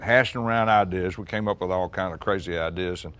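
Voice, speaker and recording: A man in his sixties, a musician recounting an old recording session in relaxed, chatty storytelling. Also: low-pitched, brisk, smooth. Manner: chatty, acts out quoted dialogue, frequent restarts and laughs.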